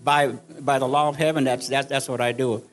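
An older man giving an earnest church testimony, halting and repeating himself, with faint music behind. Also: medium pitch, flat delivery. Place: church service.

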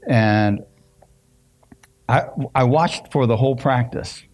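A middle-aged pastor preaching a sermon in a conversational, storytelling way, often asking the congregation questions. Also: male voice, medium pitch, takes it slowly, darkish tone. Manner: conversational, asks the congregation questions, many restarts. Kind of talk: sermon with personal stories.

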